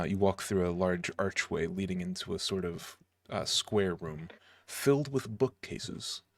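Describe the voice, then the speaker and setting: Casting: laid-back male game master, low voice, dry close sound, loose halting narration. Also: no room sound. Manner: casual, hesitant narration with many fillers.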